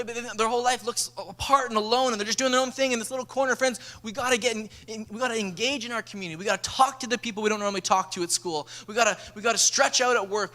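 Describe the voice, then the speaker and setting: A high-pitched, energetic male pastor preaches to his church. He tells stories with lively momentum and slips into voices for the people in them. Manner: energetic, storytelling, acts out dialogue. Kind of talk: sermon. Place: church sanctuary.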